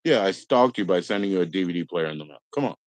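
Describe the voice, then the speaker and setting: A man's voice: sits low, lively intonation, fast talker, no echo, poor audio. A middle-aged man hosting a casual livestream, rambling and swearing, mocking other people in put-on voices. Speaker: livestream host.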